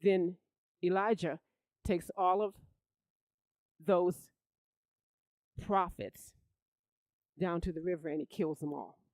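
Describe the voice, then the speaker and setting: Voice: medium pitch, takes it slowly, long pauses, no room sound, low-quality recording. Dry-sounding preacher telling a Bible story. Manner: animated storytelling, rising loud for emphasis; repeats words and restarts. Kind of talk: sermon.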